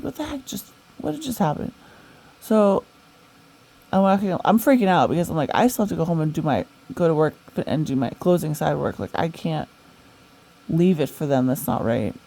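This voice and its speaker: A woman's voice: sits low, creaky, dark tone, poor audio. A young woman telling a long, rambling story in a casual way, with many fillers, restarts and the odd swear word. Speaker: storyteller recounting a dream.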